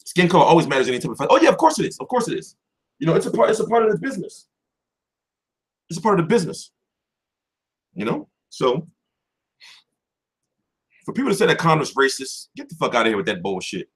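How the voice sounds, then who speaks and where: A man's voice: a little high, very animated, fairly quick, pauses often, husky. A young man hosting a boxing channel, answering viewers in a heated, profane livestream chat.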